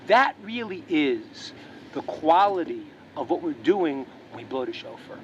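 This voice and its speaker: A rabbi teaching a religious lesson, telling a parable as an animated storyteller who repeats words as he restarts. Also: fairly high pitch, unhurried, a little hiss or hum.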